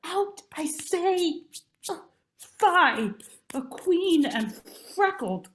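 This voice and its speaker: A woman's voice: very high-pitched, big pitch swings, extremely slow, a bit bright, exaggerated voice. A woman playing a proud, sleepwalking Tudor queen in an amateur online stage play, speaking in a commanding, scornful way. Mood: raving. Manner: commanding, scornful, archaic theatrical speech. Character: imperious sleepwalking Queen Elizabeth I, haughty and sharp-tongued.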